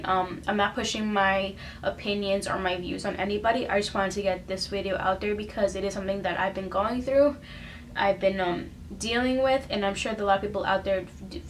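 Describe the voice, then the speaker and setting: A woman's voice: medium pitch, fairly even intonation, normal speed, slight background noise. Earnest, emotional young woman vlogging. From United States. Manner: emotional, earnest, full of fillers and restarts. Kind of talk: casual personal vlog talk.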